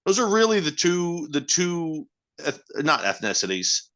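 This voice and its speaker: Bright-toned joking male co-host. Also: a little high, very animated, a little slow. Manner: joking, wry banter with profanity. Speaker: podcast co-host. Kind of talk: casual chat.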